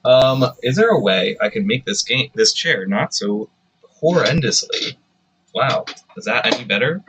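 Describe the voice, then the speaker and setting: A man's voice: medium pitch, expressive, a little slow, a bit bright, a little hiss or hum. A man live-streaming a video game, chatting casually and rambling to himself with self-deprecating remarks.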